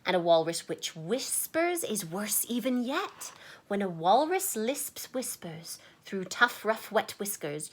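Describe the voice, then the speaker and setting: A woman's voice: medium pitch, sing-song, slow pace. Playful woman reading tongue twisters aloud. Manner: playful, chatty asides between verses; sometimes drops to a whisper. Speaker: children's book reader. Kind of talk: reading a picture book aloud to children.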